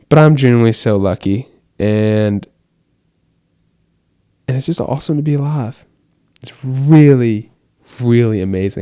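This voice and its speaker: A man's voice: medium pitch, warm tone, smooth, no echo, clean studio sound. A seventeen-year-old boy from the United States, talking to the camera in his bedroom late at night in a rambling, earnest monologue full of "like" fillers. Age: teens. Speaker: vlogger.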